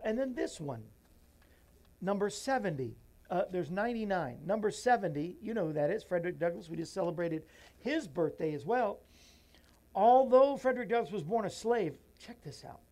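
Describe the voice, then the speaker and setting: Emotional man reading a children's book. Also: high voice. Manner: emotional, voice drops soft and near tears; earnest, folksy asides to listeners. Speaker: radio show host.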